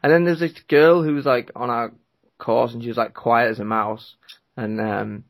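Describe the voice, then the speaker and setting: A man's voice: medium pitch, steady tone, normal speed. A young man co-hosting a podcast in casual chat, telling stories in a laid-back way and laughing often. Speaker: podcast co-host.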